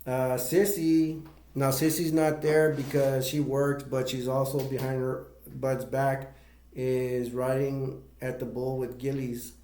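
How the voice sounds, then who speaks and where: A man's voice: medium pitch, dark tone. Man rambling through a movie plot, roomy sound. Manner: rambling, with many fillers and restarts. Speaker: movie reviewer. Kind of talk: casual plot retelling.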